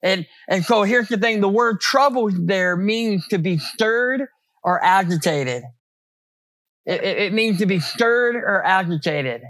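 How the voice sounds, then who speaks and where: A man's voice: high voice, lively intonation, a little slow, a bit bright, no echo. A man preaching a sermon as pastor, in a conversational way with many rhetorical questions and repeated words.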